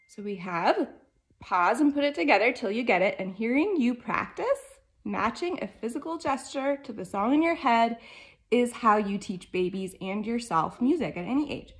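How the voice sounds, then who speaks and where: A woman's voice: fairly high pitch, expressive, moderate pace. A woman giving a casual home music lesson, enthusiastic and passionate, singing note syllables as she explains, filmed on a phone with her baby nearby. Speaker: music teacher. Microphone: phone camera.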